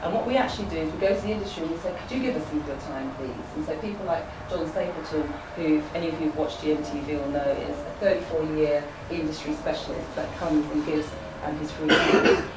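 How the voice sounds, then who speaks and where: A woman presenting her youth forum to an audience in a measured, hesitant way. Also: deep voice, steady tone, recorded from a distance. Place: event hall with a live audience. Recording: echoey hall, speaker away from the mic, room noise.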